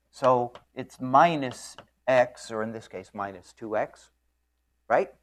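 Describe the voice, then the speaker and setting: Animated man giving a physics lecture. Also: on the high side. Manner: animated, joking storytelling with frequent throat clearing. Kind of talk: classroom lecture.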